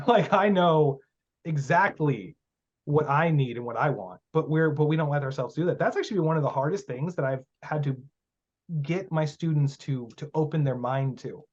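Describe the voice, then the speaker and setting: A man's voice: on the high side, normal speed. Blunt, profane man on muffled audio. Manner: blunt, profane, emphatic storytelling. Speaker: guest, magic teacher. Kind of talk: casual podcast interview.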